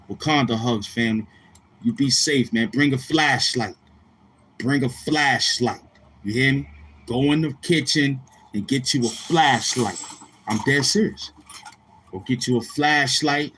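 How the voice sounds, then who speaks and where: Hosting a casual YouTube live stream, a man with a Brooklyn accent chats in slang and raps freestyle bars. His voice is medium in pitch, a bit bright with a breathy edge, and he speaks a little slowly.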